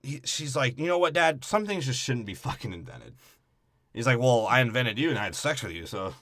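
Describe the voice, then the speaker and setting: Guy on a comedy podcast, bright voice, dry close sound, keeps doing silly voices. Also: mid-range voice, sing-song, fairly quick, dry recording. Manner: riffs with put-on character voices. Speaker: podcast co-host. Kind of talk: crude comedic movie recap.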